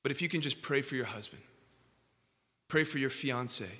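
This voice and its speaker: A male pastor preaching a sermon in a church, moving from hushed asides to loud, emphatic build-ups. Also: mid-range voice, moderate pace, husky. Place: church sanctuary.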